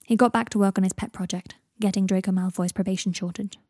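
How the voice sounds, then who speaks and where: A woman reading a fan story aloud, softly, often slipping into a whisper. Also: medium pitch, fairly even intonation, fast, slightly rough, no room sound, studio quality. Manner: soft voice, dropping into whispers for narration tags. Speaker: fan fiction reader. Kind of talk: audiobook narration.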